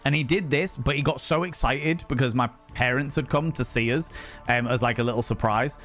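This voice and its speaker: A man telling a story on a casual chat stream, animated and swearing freely, acting out what people said. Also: mid-range voice, fairly quick, faint music behind. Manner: animated, swears freely, acts out quoted speech.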